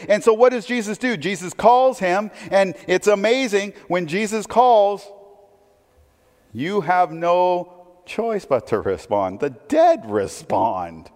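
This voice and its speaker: A man preaches in a conversational, questioning way and keeps drawing his listeners in. His voice sits a little high and moves with lively swings in pitch. The sound carries a long reverb, as in a church sanctuary. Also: slow pace. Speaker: pastor. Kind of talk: sermon.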